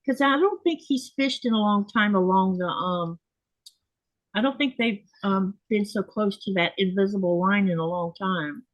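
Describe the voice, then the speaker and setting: A woman's voice: mid-range voice, normal speed, no room sound, dull audio. A woman hosting a casual chat from her home sewing desk, talking in a rambling way with restarts and laughs. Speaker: host.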